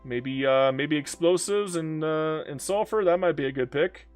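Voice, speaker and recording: A man's voice: on the high side, moderate pace, clean tone, faint music behind. A man giving casual live-stream commentary on a strategy game, chatty and swearing, talking back to the game and to chat.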